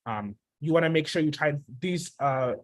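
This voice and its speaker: A young man giving an informal talk on drawing blood, halting often with fillers and restarts. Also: on the high side, animated, no room sound. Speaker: phlebotomist presenter.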